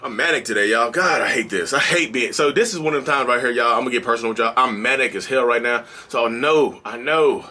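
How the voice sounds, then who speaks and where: A male mental health vlogger talking straight to camera in a casual, energetic, preachy and colloquial way. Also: medium pitch, quick pace, hardly any pauses, a little hiss or hum. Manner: energetic and bouncy. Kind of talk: casual direct-to-camera vlog.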